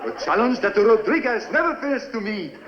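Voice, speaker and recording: Vain Latin lover, flowery and self-important, 1950s sitcom, studio audience behind. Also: male voice, sits high, big pitch swings, fairly quick, crowd noise. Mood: boastful. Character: smooth-talking Latin suitor, male, middle-aged, vain. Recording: roomy, dull 1950s TV soundtrack, audience.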